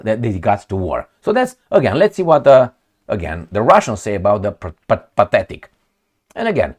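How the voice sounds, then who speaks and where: Guy ranting about news articles, sarcastic, pitch jumps all over. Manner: animated, sarcastic, rambling with restarts. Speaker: political commentator. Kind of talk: casual commentary reading articles.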